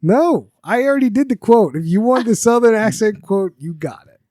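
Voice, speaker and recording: A man hosts a relaxed podcast chat in a slightly high voice, recorded close and dry. He talks casually and now and then reads out quotes from his notes. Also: moderate pace, no room sound. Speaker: podcast host.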